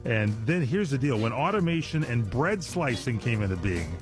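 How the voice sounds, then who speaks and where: A man's voice: mid-range voice, sing-song, normal speed, music in the background. An older man hosting a radio show in casual, rambling chat full of fillers and jokes, recorded on a studio mic. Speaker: radio host. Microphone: studio microphone.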